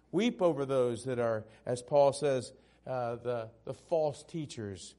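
A male pastor preaching a sermon, swinging from loud, emphatic peaks down to hushed, tender passages. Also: mid-range voice, slow pace.

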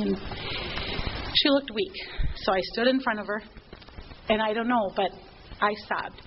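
A middle-aged woman with a fairly high voice shares a heartfelt personal testimony with a group. She talks in an animated way and often restarts her sentences. The recording sounds dull and lo-fi, with faint noise behind her. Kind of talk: emotional personal storytelling.

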